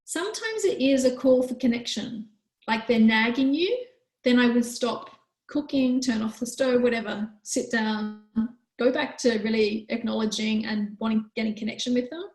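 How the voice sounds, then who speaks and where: A woman hosting a live online parenting workshop who answers questions in a gentle, calm, explanatory way. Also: on the high side, normal speed, echoey room, poor audio. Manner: gentle, calm, explanatory, with frequent "you know".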